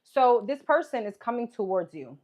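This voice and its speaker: A woman's voice: on the high side, very animated, normal speed, darkish tone. A woman giving a tarot reading, chatty and musing, thinking aloud and repeating herself as she turns over cards. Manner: chatty, musing, repeats "okay" and "what's coming up" while pulling cards. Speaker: tarot reader.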